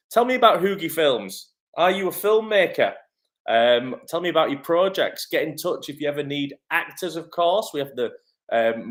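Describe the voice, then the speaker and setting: A man's voice: mid-range voice, a bit bright. Chatty man livestreaming. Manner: chatty and upbeat, many "um" fillers. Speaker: acting coach and agency head. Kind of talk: live-stream Q&A. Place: home kitchen.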